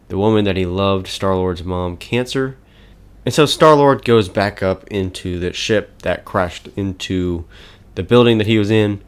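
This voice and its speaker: Deep-voiced man chatting casually. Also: smooth. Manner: enthusiastic, chuckles often, frequent fillers. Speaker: podcast host. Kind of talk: casual chat.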